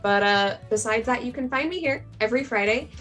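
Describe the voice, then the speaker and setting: A woman's voice: on the high side, a little fast, fairly bright tone, soft background music. A woman player chatting casually on a live stream, rambling with many fillers. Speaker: tabletop game player.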